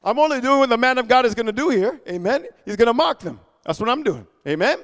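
A man preaching a sermon, reading scripture and breaking into animated, shouted call-and-response. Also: very high voice, quick pace.

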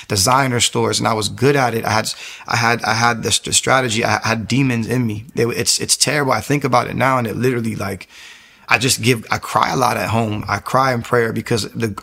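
A man's voice: medium pitch, vocal fry, sharp tone, slightly rough. A young man giving a candid, earnest personal testimony, often stopping and restarting his sentences.

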